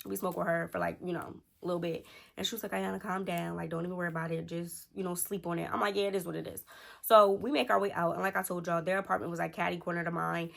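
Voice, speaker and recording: Young woman, casual storyteller, slightly low voice with vocal fry, animated quoting. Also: quick pace. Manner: animated, acts out quotes from friends. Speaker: storytime vlogger.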